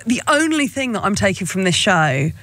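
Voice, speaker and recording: A woman co-hosting a radio show in a studio, with playful, quick, mock-serious banter. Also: medium pitch, sing-song, fairly bright tone, a little hiss or hum.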